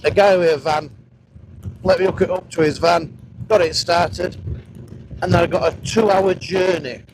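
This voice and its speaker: A man's voice: high-pitched, steady tone, normal speed. A man in his thirties with a Northern English accent, chatting and swearing as he tells rambling stories while riding a motorcycle. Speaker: motovlogger. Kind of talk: casual chat while riding. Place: outdoors on a moving motorcycle. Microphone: helmet-mounted action camera mic. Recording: wind and engine noise.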